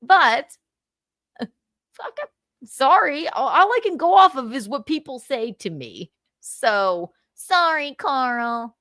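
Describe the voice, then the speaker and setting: A woman's voice: high voice, sing-song, takes it slowly, a bit bright, dry recording. A woman hosting a livestream, chatting and gossiping with lots of laughs, swearing and mocking impressions. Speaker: host. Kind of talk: casual gossip commentary on a livestream.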